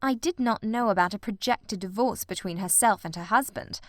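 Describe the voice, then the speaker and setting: A woman's voice: mid-range voice, normal speed, dry recording, studio quality, natural voice. A woman reading the part of a cool, commanding male detective in an audiobook, with clipped, authoritative speech. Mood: calm reasoning.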